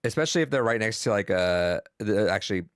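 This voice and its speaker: A young man co-hosting a podcast, talking about a video game in a rambling, excitable, profane way. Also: lowish voice, fast talker, clean tone, no echo, studio quality. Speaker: podcast co-host. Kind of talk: casual gaming chat.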